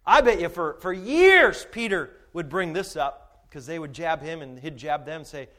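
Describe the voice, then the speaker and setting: Emphatic high-voiced male pastor preaching. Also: lively intonation, moderate pace, hardly any pauses. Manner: emphatic, swings from shouting to hushed asides. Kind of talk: sermon.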